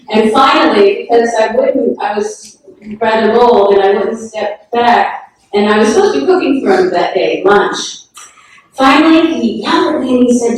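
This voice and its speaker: A woman's voice: medium pitch, darkish tone, a little hiss or hum. A woman telling personal anecdotes at a memorial gathering in a frank, self-deprecating way, often laughing. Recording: echoey hall from far off.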